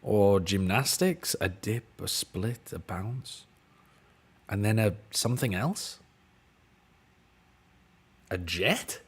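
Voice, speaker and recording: Slow, lively-pitched British man puzzling aloud. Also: husky. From United Kingdom. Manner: thinking aloud, exasperated, swearing. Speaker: streamer. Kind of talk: casual chat while solving word puzzles.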